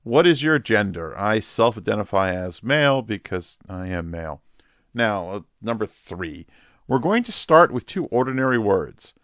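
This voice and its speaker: A man's voice: on the low side, big pitch swings, normal speed, a bit bright, no echo, clean studio sound. An older man, a pastor hosting his own channel, talking through a quiz in a playful, joking way and thinking aloud. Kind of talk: casual quiz reaction video.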